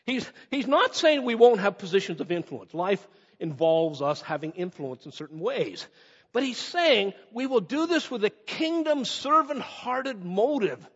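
A man preaching a sermon with animated delivery, slowing down for emphatic phrases and speeding through quick asides. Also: sits high, breathy edge. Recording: muffled sound in a reverberant hall.

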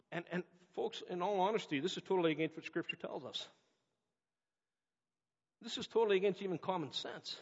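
A man's voice: high-pitched, expressive, moderate pace, long pauses, a bit bright, breathy edge. A man from North America preaching a sermon as a pastor, earnest and emphatic, repeating key phrases. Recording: dull lo-fi audio with long hall reverb.

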